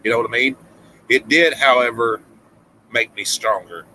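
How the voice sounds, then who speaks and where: An older man on a casual vlog, talking in a halting, emotional way. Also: mid-range voice, sharp tone, a little hiss or hum, rough recording. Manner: choked up, halting, reading a letter aloud. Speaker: vlogger.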